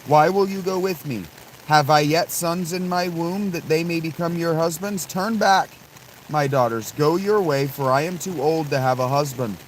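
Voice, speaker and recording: A man voicing a bitter, aging widowed mother-in-law who pleads insistently, his pitch lifted a little. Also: normal speed, a little hiss or hum, close to an everyday voice, low-quality recording. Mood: pleading.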